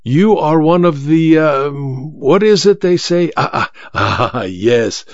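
A man's voice: on the high side, expressive, slow pace, dry recording, lo-fi sound. A man playing a sly, showy blind magician. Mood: sly teasing. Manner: theatrical, grandiose, teasing.

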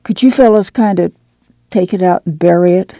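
Seorang wanita memerankan tetangga perempuan yang baik hati, berbicara lembut dan menenangkan dengan dialek pedesaan. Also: female voice, on the low side, normal speed, no room sound, natural voice. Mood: soothing. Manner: soft, soothing, rural dialect. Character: gentle kindly neighbor woman.

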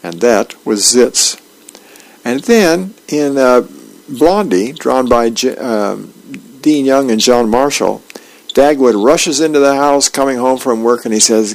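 Gravelly volunteer newspaper reader, man. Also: mid-range voice, lively intonation, poor audio. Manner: plain, unhurried reading with small slips. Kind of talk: reading the newspaper aloud on radio.

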